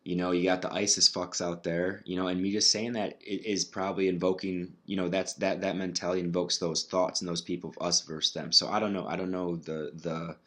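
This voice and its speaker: A man with a very low voice talks alone on his podcast, swearing freely. He rambles and restarts his sentences as he works through his thoughts. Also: level tone, a little fast, few pauses, a bit bright. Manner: rambling, profane, restarts often. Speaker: podcast host. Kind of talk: casual solo podcast monologue.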